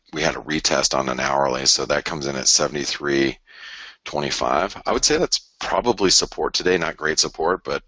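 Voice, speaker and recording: A very deep, husky voice with a sharp tone comes through a dry, lo-fi recording. The man, a market commentator on a live trading broadcast, rambles over currency charts, repeats himself, and mock-quotes traders.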